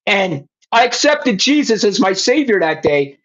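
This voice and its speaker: A man's voice: sits high, sing-song, measured pace, fairly bright tone. A middle-aged man, a former police chief, telling his faith story in blunt, profane words and speaking straight to the host. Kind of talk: emotional personal testimony. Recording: slightly muffled lo-fi sound.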